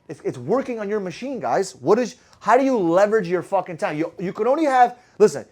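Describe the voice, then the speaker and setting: A man with a high voice gives a motivational sales talk to a room of listeners. He talks fast, swears freely and keeps throwing rhetorical questions at the crowd. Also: very animated, a little mellow. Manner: blunt and profane, firing rhetorical questions at the audience. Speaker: sales coach. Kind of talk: motivational talk to a live group.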